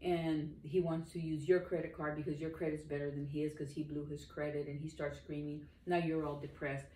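A woman in her sixties, a lay minister, preaches to the camera with earnest, rambling emphasis. Her voice is low for a woman and warm, with little pitch movement at a normal speed. She's heard from some distance in a roomy space, with faint noise behind her.

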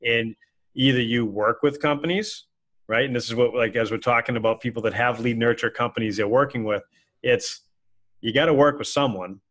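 A man's voice: mid-range voice, a little fast, a bit bright. A man co-hosting a casual business talk show, rambling with many fillers and restarts. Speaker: podcast co-host. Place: office with a whiteboard behind.

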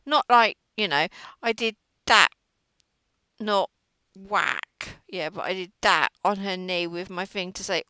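Woman, middle-aged, chatty crochet vlog, dry close sound, slow unhurried talk. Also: fairly low pitch, steady tone, bright, forceful tone, smooth, dry recording, low-quality recording. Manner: chatty, gossipy, trails off mid-sentence. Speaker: crochet vlogger. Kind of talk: casual chat while crocheting.

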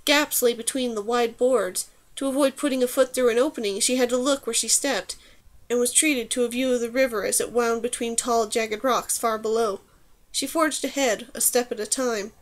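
A woman reading a fantasy novel aloud as audiobook narrator, in an even, measured way. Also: a little high. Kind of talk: scripted narration.

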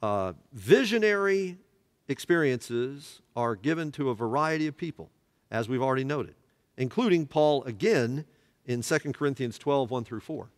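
A man's voice: medium pitch, animated, moderate pace. Man teaching in an echoing church. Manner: asks the class questions and has them fill in words. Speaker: Bible study teacher. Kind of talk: church Bible study teaching.

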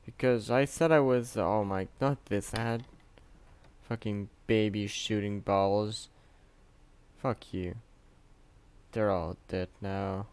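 Young man, excitable gaming commentary, slow delivery, smooth clear voice, dry close sound. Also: lowish voice, no room sound. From Canada. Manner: excitable, swearing, swings between mumbling and yelling. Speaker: gaming youtuber. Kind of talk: casual gameplay commentary.

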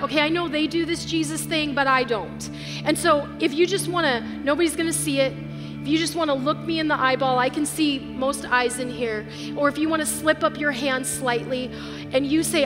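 A woman pastor giving an earnest, emotional sermon to a live audience. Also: high-pitched. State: tearful at times. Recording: live hall with long reverb, faint music.

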